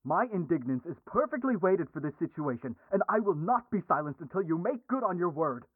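A man's voice: on the high side, big pitch swings, racing, breathy edge, no echo. An actor playing a haughty inhuman male creature who speaks in a pompous, indignant, formal way, heard over a tinny radio line.

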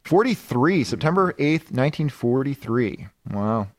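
A podcast co-host, a man, walks through an old comic's plot in loose, casual talk, swearing and laughing as he goes. His voice sits at an ordinary middle pitch. The recording is dry and close, with no room sound. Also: big pitch swings, unhurried, no room sound. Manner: retells comic plots with profanity and laughs. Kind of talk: casual chat.

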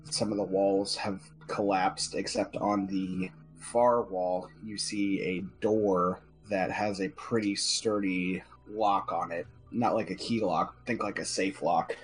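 A man with a fairly low voice, running a tabletop game with easy narration. He speaks in a relaxed, conversational manner. Faint music plays behind him. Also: slow pace, hardly any pauses. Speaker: game master.

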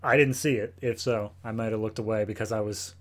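A man from the United States co-hosting a casual film review podcast in a relaxed, easygoing way. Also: lowish voice, a little fast. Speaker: podcast co-host.

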